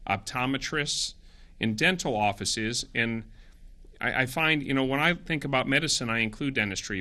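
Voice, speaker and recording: A middle-aged man gives a public health briefing. His voice sits a little low but comes across bright and forceful. He talks in an earnest, brisk way and fixes his own slips on the fly. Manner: earnest, brisk, self-correcting. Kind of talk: briefing press, explaining guidelines from slides.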